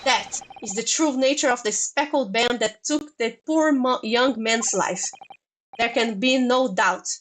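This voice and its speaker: A woman's voice: fairly high pitch, unhurried, slight background noise, voice pushed down, lightly acted, rough recording. A woman voicing a boastful, grandiose male detective as she reads game dialogue aloud. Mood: declaiming. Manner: grandiose, theatrical.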